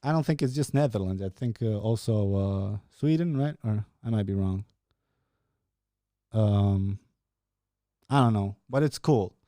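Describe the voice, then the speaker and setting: Rambling profane man, dark dry voice. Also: fairly low pitch, a little slow, long pauses, dry recording. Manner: rambling, profane, laughing often. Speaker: podcast host. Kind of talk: casual chat with live viewers.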